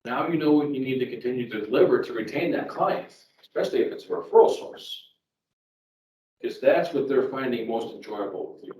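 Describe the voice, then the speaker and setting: A man's voice: medium pitch, expressive, brisk, dark tone. A middle-aged man, speaking as a sales trainer at a live seminar, conversational, repeating words as he tells personal stories. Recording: echoey room, distant mic, faint background ambience.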